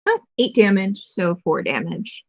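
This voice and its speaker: A woman's voice: medium pitch, a little mellow, breathy edge, lo-fi sound. A woman playing in a tabletop game, wry and playful as she reports her rolls. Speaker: player.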